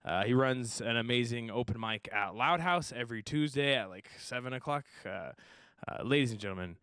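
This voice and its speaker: A man's voice: medium pitch, animated, fairly quick, a bit bright, smooth, no room sound, clean studio sound. A man hosting a comedy show, introducing acts with lots of "uh"s. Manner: friendly, filler-heavy introductions. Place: comedy club stage.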